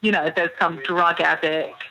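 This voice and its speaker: A woman's voice: lowish voice, fairly even intonation, normal speed, a crowd in the background, poor audio. A British woman in her thirties, an author guest chatting animatedly in an interview, laughing often and filling with "you know". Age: 30s. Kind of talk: casual interview chat.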